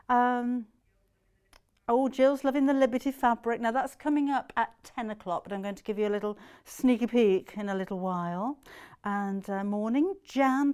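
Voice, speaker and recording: A woman's voice: medium pitch, darkish tone, clear, resonant tone. A middle-aged British woman presenting a live shopping show, chatting to viewers with plenty of ums and laughs. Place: TV studio.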